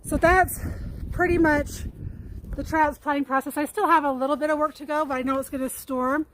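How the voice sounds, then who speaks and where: A woman's voice: high voice, fairly even intonation, a little fast, poor audio. A woman livestreaming from her backyard garden, chatting in a rambling way and greeting viewers by name as she works. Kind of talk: casual live-stream chat. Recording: loud wind and outdoor noise.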